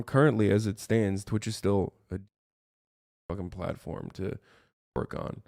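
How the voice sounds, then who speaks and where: A man's voice: lowish voice, fairly even intonation, a little slow, creaky, long pauses, dark tone, no echo, clean studio sound. A man ranting on his livestream, heated and profane, rambling as he talks to his chat from his streaming room.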